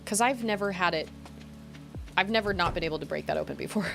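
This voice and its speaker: A woman streaming a game, chatting casually, giggling and thinking out loud as she plays. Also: fairly low pitch, moderate pace, vocal fry, pauses often, faint music behind. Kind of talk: casual gameplay streaming chat.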